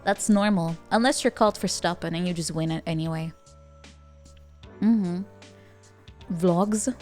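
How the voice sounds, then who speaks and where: A woman's voice: fairly low pitch, a little slow, a little mellow, soft background music. Giggly Dutch woman chatting on stream. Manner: giggly, playful, frequent laughter and stammered restarts. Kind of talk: casual chat with stream viewers.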